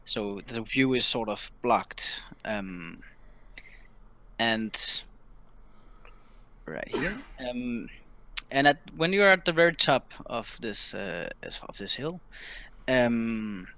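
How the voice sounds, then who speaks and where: A man narrating a tabletop game as dungeon master over a voice call, hesitant with many pauses. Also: mid-range voice, lively intonation, bright, forceful tone. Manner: hesitant, many ums and restarts.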